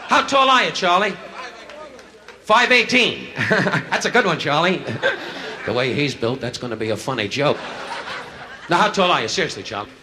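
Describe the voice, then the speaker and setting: A male stand-up comedian doing insult comedy, firing brash, rapid jabs at audience members from a nightclub stage. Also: fairly high pitch, sing-song. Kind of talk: insult comedy crowd work. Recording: live club recording, loud laughter, hiss.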